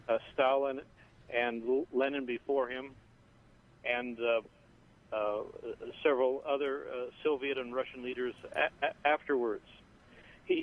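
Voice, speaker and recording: Halting man on a tinny phone line. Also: on the high side. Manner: halting, many fillers and restarts. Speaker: caller or phone guest. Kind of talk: radio talk show conversation.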